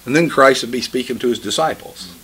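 A man delivers a sermon, first reading old scripture slowly and solemnly. His voice is bright with a husky edge, and his pitch moves a lot as he stresses key words. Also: lively intonation. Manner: reads scripture slowly and solemnly, then preaches with emphatic swells. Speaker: preacher.

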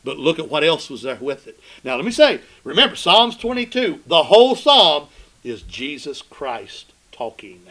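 Man preaching, bright ringing voice, slightly high, asks the congregation questions, loud then hushed. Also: very animated, moderate pace, low-quality recording. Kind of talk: sermon.

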